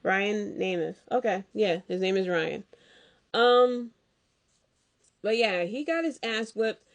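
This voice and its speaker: A woman hosting a casual podcast, talking slowly and unhurriedly. She rambles in a loose, slangy way, full of fillers and excited asides. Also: medium pitch. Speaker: podcast host. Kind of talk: casual wrestling recap chat.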